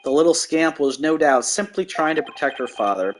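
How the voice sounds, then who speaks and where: A man voicing a condescending, scheming male prosecutor from a courtroom game, speaking in a mocking, deliberate manner. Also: on the high side, animated, a little hiss or hum, natural voice. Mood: smug.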